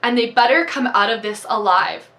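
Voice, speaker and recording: A woman's voice: fairly high pitch, normal speed, reverberant, soft background music, lightly acted. A woman reading aloud and voicing a fierce female lawyer who snaps and insists. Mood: firm. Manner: sharp and insistent.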